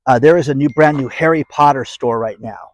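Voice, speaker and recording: A man's voice: medium pitch, brisk, low-quality recording. A man hosting a casual commentary channel, rambling and sarcastic as he talks straight to his viewers. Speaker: host of an economy commentary channel.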